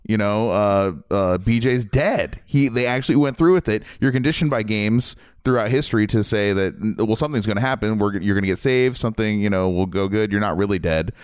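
A man's voice: lowish voice, a little fast, hardly any pauses, clear, resonant tone, no room sound, clean studio sound. A man in a casual game discussion, recounting scenes animatedly and swearing casually.

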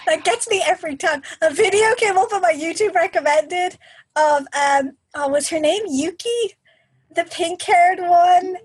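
Woman, podcast co-host, high voice, dry close sound, chatty, animated. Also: measured pace, no echo, poor audio. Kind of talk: casual chat.

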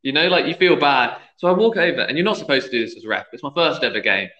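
Fast-talking and animated, this young man pitches his voice on the high side with a sharp edge as he recounts a tale from refereeing youth football. It's casual podcast conversation, and he acts out the voices in the story. Audio comes from an echoey room and sounds dull and lo-fi.

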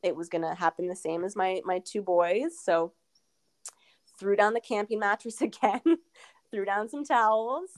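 A woman in her thirties speaks as a podcast guest with a smooth, resonant voice at a middling pitch. She talks candidly and rambles, filling her sentences with "um" and "you know.". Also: fairly even intonation, moderate pace. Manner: candid, rambling with many fillers. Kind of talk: casual interview storytelling.

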